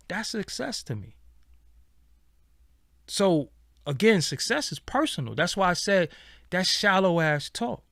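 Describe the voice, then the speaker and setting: Blunt, animated man ranting casually. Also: fairly high pitch, dry recording, studio quality. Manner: blunt, profane, animated storytelling. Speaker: show host. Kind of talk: casual commentary monologue.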